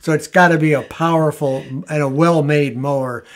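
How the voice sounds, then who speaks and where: Middle-aged male co-host, slightly high voice, relaxed rambling chat. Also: normal speed. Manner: rambling, self-correcting, easygoing. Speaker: co-host of a frugal living channel. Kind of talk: casual chat.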